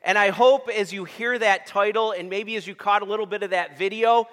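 Brisk and a bit bright, a male pastor's high-sitting, steady voice fills a church sanctuary with long hall reverb. He addresses the congregation through call-and-response questions, waiting for them to answer.

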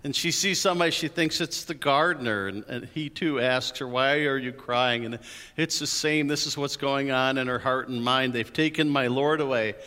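Pastor, male, slightly raised voice, lively storytelling sermon, echo of a big church. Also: a little high. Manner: animated storytelling with playful asides. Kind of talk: Easter sermon. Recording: hall reverb.

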